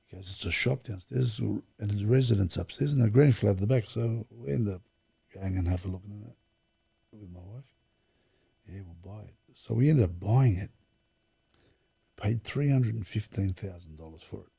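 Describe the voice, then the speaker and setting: A man's voice: on the low side, moderate pace, creaky, dark tone, slightly rough. A middle-aged man, telling long rambling anecdotes as an interview guest, restarting sentences and acting out quoted dialogue. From Australia. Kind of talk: casual storytelling interview.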